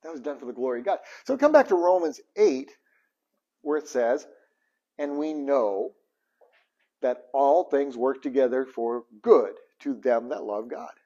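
A man giving a conversational sermon, animated and asking his listeners questions. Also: mid-range voice, measured pace, dull audio. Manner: animated, asks the audience questions. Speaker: preacher.

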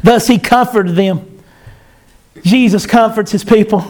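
High-pitched impassioned preacher. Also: male voice, unhurried, a little mellow. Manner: impassioned, rising and falling preaching cadence. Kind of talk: sermon.

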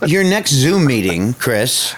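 A man's voice: mid-range voice, big pitch swings, slow pace, noisy background. A man hosting a casual chat, asking playful, probing questions.

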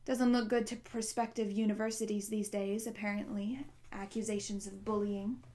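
A woman's voice: mid-range voice, flat delivery, moderate pace, mellow, close to an everyday voice. A woman reading a scornful, firm teacher. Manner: scornful, matter-of-fact.

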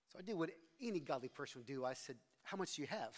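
High-voiced male pastor preaching in a hall. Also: animated, quick pace, hardly any pauses. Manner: conversational, self-deprecating storytelling with frequent restarts. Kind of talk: sermon.

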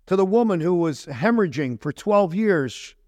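A man's voice: high-pitched, lively intonation, normal speed, darkish tone, dry recording. A man pastor preaching a conversational sermon, full of rhetorical questions and asides to the congregation.

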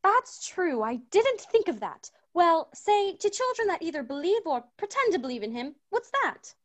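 A woman's voice: very high-pitched, sing-song, moderate pace, no echo. A woman voicing a fussy, doting wife and mother who talks in a gushing, coaxing way, as in a radio play. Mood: arguing. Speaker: Mrs. Fountain.

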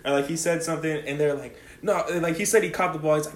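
A man's voice: fairly high pitch, fairly quick, a bit bright. A young man telling a rambling, profane story in casual chat, laughing often and saying "like" a lot. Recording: echoey room.

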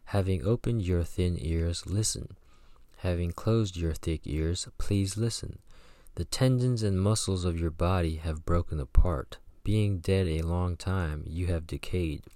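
A man's voice: low-pitched, unhurried, warm tone, no echo. A man reading aloud as a fierce, defiant female shaman, declaiming her lines like an incantation. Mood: pleading.

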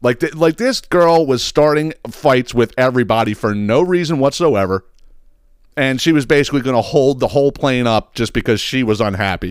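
A man's voice: medium pitch, a little fast, smooth, no echo, studio quality. A man hosting a podcast, ranting casually with lots of swearing and laughter. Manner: profane, laughing often, animated. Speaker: podcast host. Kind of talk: casual comedic rant.

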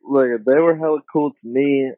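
A young man telling a story casually on a podcast, slangy and swearing, jumping high when he quotes people. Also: steady tone, normal speed, no room sound. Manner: laid-back slangy, swears often, voices others in high tones. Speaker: podcast guest. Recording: phone-like dry sound.

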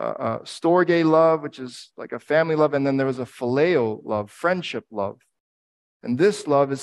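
A middle-aged man preaching a sermon in an earnest, reflective way, grieving the recent death of his father and repeating key phrases for emphasis. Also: fairly high pitch. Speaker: pastor.

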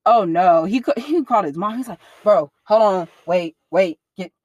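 A young woman speaking candidly in an interview, in casual slang-heavy talk that turns animated when she quotes others. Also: mid-range voice, moderate pace, no room sound, highs cut off.

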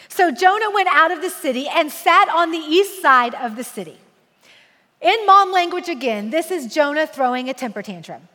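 A woman in her forties preaching a sermon, lively and joking, slowing down to read scripture aloud solemnly. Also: very high-pitched, big-room sound. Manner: animated and humorous, slow solemn scripture reading. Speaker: women's ministry speaker.

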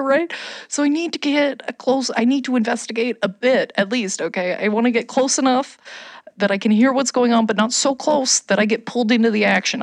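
A woman from Canada telling a funny story in casual chat, animated, swearing and shouting out quoted lines. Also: on the high side, dry recording, clean studio sound.

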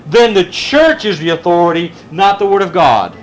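A man's voice: high voice, animated, normal speed, hardly any pauses. A middle-aged man teaching a Bible study as pastor, pressing his listeners with rhetorical questions and taking questions from them. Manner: emphatic, fond of rhetorical questions. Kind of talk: preaching lecture with questions from the audience.

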